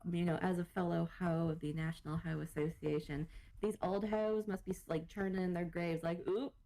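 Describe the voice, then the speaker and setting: A woman's voice: fairly low pitch, fairly even intonation, fairly quick, mellow, rough recording. A woman co-hosting a podcast in casual chat, talking bluntly, swearing freely and laughing easily. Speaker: podcast co-host.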